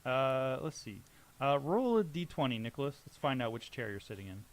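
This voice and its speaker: Man, game master, tabletop narration, mid pitch, halting descriptions. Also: very animated.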